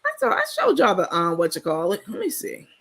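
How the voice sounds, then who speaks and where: A woman chats casually on her livestream in a gravelly, breathy voice. She talks bluntly and sassily, swears freely, and breaks into laughter often. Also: on the low side, wildly swooping pitch, a little fast. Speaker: livestream host.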